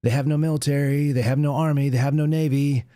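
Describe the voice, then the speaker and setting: In a studio-quality recording with no echo, a male show host reads headlines aloud on a live news commentary program. His voice is a little high, dark and steady, fast-paced, and he mocks the news with sarcastic asides and chuckles.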